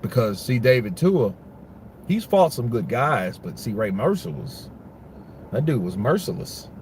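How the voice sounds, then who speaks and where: A man's voice: mid-range voice, big pitch swings, a little slow, darkish tone, slight background noise. A man giving casual, rambling boxing commentary, full of profanity and restarts.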